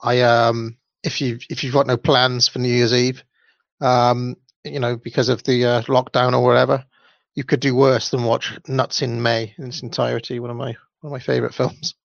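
A man with a gravelly voice makes wry, rambling asides while reading out the chat. The sound is dry, with a muffled lo-fi quality. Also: medium pitch, little pitch movement, moderate pace, no room sound. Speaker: co-host reading the live chat. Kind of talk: casual chat.

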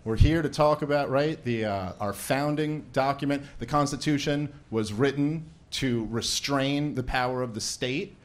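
Opening an event on stage, a male stand-up comic talks at normal speed in a medium pitch, barely pausing. His set is sarcastic and meandering, and he frequently cracks up at his own material.

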